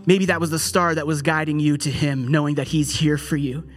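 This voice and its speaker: A young adult man preaching a sermon in a conversational, storytelling way, with animated asides. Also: fairly high pitch, a little fast, soft background music. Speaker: pastor.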